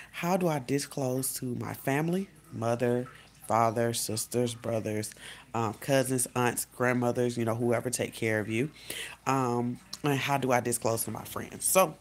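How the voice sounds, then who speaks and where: A woman life coach giving casual advice in a vlog, talking directly to her viewers in a relaxed, conversational way. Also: a bass voice. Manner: conversational, speaks straight to viewers, acts out quotes.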